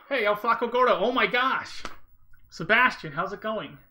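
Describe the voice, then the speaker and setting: Excitable, bright-voiced speedrun streamer. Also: mid-range voice, unhurried. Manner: excitable, sighing, thanks viewers one by one. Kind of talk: live-stream commentary and thanking chat. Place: room at home with a window.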